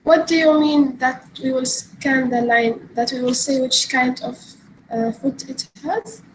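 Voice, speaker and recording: High-voiced, tentative female student. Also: steady tone, a little slow, a little hiss or hum, poor audio. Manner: tentative questioning. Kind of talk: classroom question.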